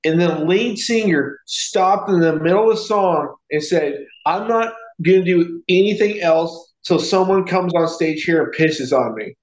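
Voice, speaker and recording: High-voiced man telling a rowdy story. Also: unhurried, hardly any pauses, echoey room, poor audio. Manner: profane, animated storyteller. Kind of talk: casual podcast chat.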